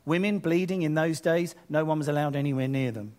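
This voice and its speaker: A man preaching a sermon, retelling scripture in a lively paraphrase with casual asides. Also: on the high side, brisk. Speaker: pastor.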